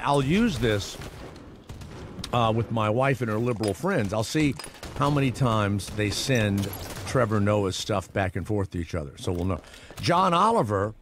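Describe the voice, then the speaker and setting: Rambling, sarcastic radio host. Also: male voice, medium pitch, slight background noise. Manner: rambling, sarcastic, lots of restarts and asides. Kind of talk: morning radio talk.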